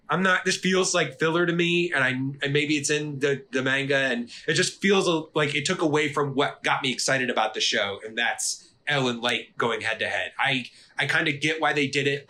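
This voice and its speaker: Bright-voiced male podcast co-host. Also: mid-range voice. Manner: animated, swearing, acts out characters' lines. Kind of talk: casual chat.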